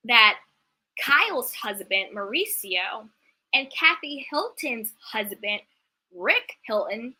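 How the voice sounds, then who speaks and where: A woman hosting a reality TV recap, ranting in an indignant, animated way and dropping a lot of "like" as she goes. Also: mid-range voice. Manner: indignant, animated, talks fast with filler "like". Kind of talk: heated commentary rant.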